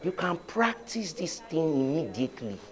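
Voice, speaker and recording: A man's voice: fairly high pitch, sing-song, moderate pace. A man preaching a sermon as pastor, leading the congregation in call-and-response declarations.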